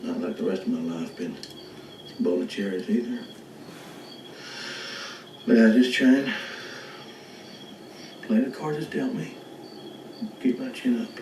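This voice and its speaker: A blustering, self-pitying has-been wrestler, boastful one moment and loud the next. The sound is roomy and set back from the mic, with faint outdoor ambience. His pitch sits in an ordinary middle range. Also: animated, a little slow, long pauses, slight background noise. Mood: bitter boastful. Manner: blustering, swings into loud outbursts. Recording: roomy distant film audio, faint ambience.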